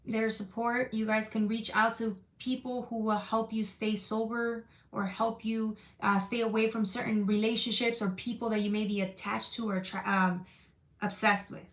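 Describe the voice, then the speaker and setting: A woman's voice: a little high, level tone, normal speed, roomy sound. A woman tarot reader chatting on a live stream, reassuring viewers and reading their comments aloud. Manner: casual, reassuring, reads chat comments aloud.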